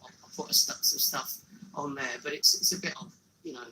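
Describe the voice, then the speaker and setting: Earnest man, bright voice. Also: medium pitch, brisk, slight background noise, rough recording. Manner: earnest, often repeats and restarts words. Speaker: street evangelist who walks carrying a cross. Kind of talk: casual interview.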